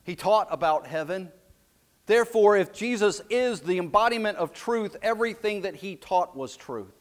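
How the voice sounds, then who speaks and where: A man preaching a sermon as pastor, slow and emphatic, dropping his voice low and soft for key lines. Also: lively intonation. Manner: slow, emphatic preaching with dramatic drops to a hush.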